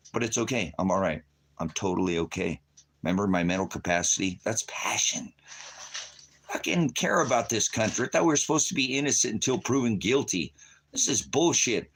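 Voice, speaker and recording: A middle-aged man vents to camera in a furious, profane rant. He swears nearly every line and his voice jumps into shouting when he gets worked up. Now and then he mimics other people in mocking put-on voices. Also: mid-range voice, very animated, a little fast, breathy edge. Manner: mocks others in quoted voices. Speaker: vlogger.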